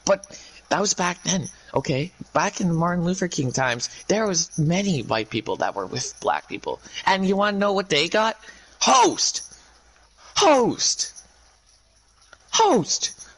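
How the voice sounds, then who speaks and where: A man speaking to his viewers in a rambling monologue, ranting in a halting way with many restarts. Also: on the high side, sing-song, fairly bright tone, poor audio.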